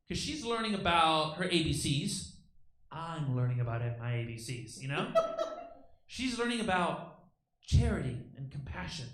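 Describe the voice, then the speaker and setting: Lively, bright-voiced stand-up comedian. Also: male voice, fairly high pitch, roomy sound, low-quality recording. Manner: loose, conversational, crowd-teasing. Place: comedy theater stage in Miami.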